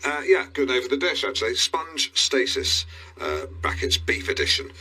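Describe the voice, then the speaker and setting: A man's voice: medium pitch, expressive, moderate pace, sharp tone, slightly rough. A middle-aged man hosting a local radio show, pompous and rambling, with awkward restarts. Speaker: radio presenter.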